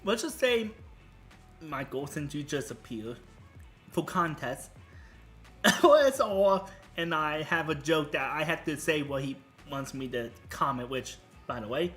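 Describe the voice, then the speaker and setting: A woman in her twenties streaming casually, playful and teasing, moving between soft whispers and loud bursts. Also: sits low, expressive, unhurried, faint music behind. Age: 20s. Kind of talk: casual live-stream chat with teasing role-play lines.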